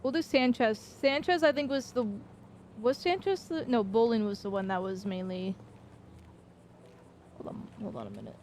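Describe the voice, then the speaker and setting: A woman game streamer talking casually to her viewers in a slightly high voice. She rambles loosely, drops curse words and fills gaps with "um" and "uh". A faint background hum sits under her voice. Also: animated, normal speed, pauses often, a little mellow. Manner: loose and chatty with swearing and filler hesitations.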